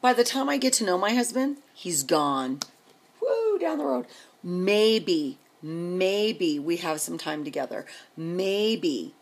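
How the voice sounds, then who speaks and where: Middle-aged woman vlogger, breathy and lowish, venting in a sarcastic, rambling rant. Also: expressive, slow pace, hardly any pauses.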